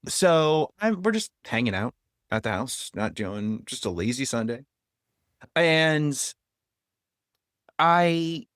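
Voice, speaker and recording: A man being interviewed as a guest on a podcast, telling a story in a casual, animated way and chuckling now and then. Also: mid-range voice, no room sound, studio quality. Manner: animated, chuckles through his stories.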